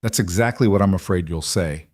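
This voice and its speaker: Playing a controlled female colonel who issues orders, the male narrator stays crisp, cool, and clipped, with a commanding mood. His fairly low, plain voice is a little mellow and his pace brisk, captured in a dry, close recording with no room sound.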